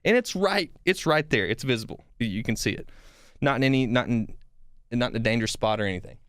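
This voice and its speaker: A young man hosting a podcast, telling a story in a rambling, animated way with frequent swearing and restarts. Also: mid-range voice, fast, smooth, no echo, studio quality. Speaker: podcast host. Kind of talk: casual storytelling.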